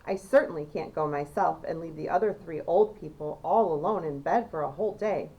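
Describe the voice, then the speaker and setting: A woman reading aloud, voicing a sensible, caring mother who speaks in a soothing, measured way. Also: sits low, creaky, mellow, muffled recording. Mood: calm.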